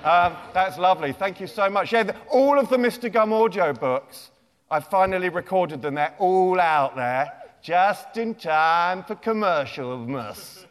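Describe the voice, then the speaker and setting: A man's voice: sits high, animated, unhurried. A man who writes children's books gives a playful, chatty comic talk to a young audience in a large lecture theatre. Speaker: children's author. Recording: reverberant lecture hall.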